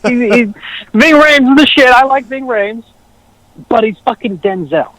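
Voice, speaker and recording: A man guesting on a casual film chat podcast, excitable and emphatic, swearing a lot. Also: very high-pitched, normal speed, no room sound, poor audio.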